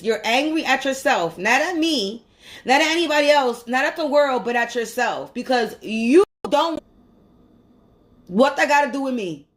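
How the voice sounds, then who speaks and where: Heated high-voiced woman ranting. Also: fairly bright tone. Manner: heated, profane, repeats herself. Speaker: vlogger. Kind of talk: angry rant to camera.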